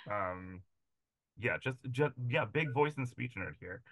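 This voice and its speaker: A man interviewing an actress, halting and searching for his words with many fillers. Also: medium pitch, expressive, a bit bright, no echo. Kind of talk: casual interview chat.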